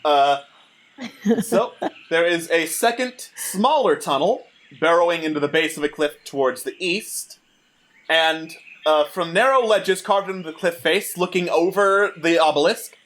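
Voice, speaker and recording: A man's voice: on the high side, lively intonation, a little slow, fairly bright tone. A man running a tabletop game as dungeon master, narrating with dry jokes.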